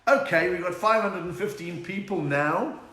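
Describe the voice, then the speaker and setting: Brief: male comedian, mid-life, chatty and jokey, reads out viewer greetings; voice a touch high, recorded in a roomy space. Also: moderate pace, bright, forceful tone. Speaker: comedian hosting a live stream. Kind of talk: casual live-stream chat. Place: room at home. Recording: roomy echo with faint noise.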